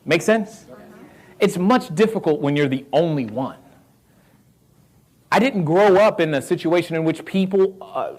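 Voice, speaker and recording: A man with a Southern American accent giving a live motivational talk on real estate, quizzing the audience and repeating his key lines. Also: on the high side. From North Carolina roots. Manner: energetic, asks the crowd questions, repeats key lines.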